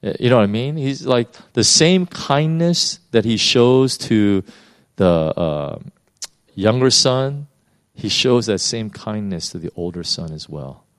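A man delivering a sermon with a somewhat low voice. He preaches in an animated, informal way, often restarting sentences and using many fillers. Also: a little slow, smooth, dry recording, clean studio sound. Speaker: pastor.

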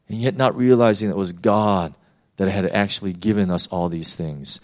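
A man delivering a sermon with a somewhat low voice. He preaches in an animated, informal way, often restarting sentences and using many fillers. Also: moderate pace, no echo, studio quality. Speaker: pastor.

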